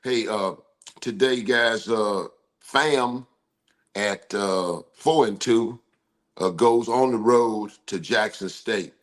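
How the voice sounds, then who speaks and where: An older man hosting a casual sports talk show, loud and joking, drawling his football banter. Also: on the low side, slow pace. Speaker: host, former football coach.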